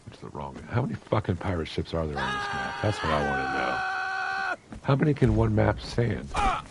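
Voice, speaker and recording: Over a very noisy background, a gamer with a low voice speeds along a little fast, his pitch swinging widely. His let's play commentary is casual, rambling and profane, dotted with wry remarks.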